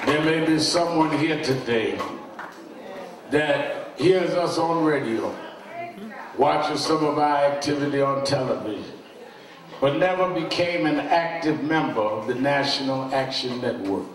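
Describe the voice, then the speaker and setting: A man leading a movement's Saturday rally, speaking to the room in a slow, drawn-out preaching cadence and urging people to join. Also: on the high side, far from the mic. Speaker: leader of a civil rights organization. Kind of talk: rally speech and call to sing. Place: large hall or sanctuary with live music. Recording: roomy hall with loud music, voice heard from off mic.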